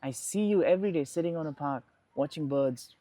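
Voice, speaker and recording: A man's voice: fairly high pitch, a little fast, warm tone, natural voice. A man voicing an eager, ambitious young man in a spoken story, asking pressing questions.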